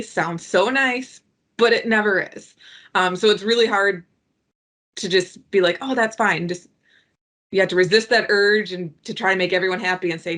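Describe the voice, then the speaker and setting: Woman podcast guest, mid-pitched and animated, acting out colleagues' lines. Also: moderate pace. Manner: animated, acts out quoted colleagues in lively voices. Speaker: project delivery guest. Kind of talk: conversational podcast talk.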